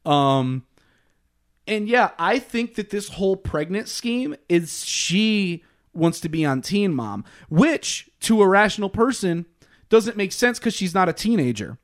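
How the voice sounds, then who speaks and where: Young male podcast co-host, high voice, rambling and profane, gossipy casual chat. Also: expressive, a little slow. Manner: rambling, heavy use of "like", swears and laughs often.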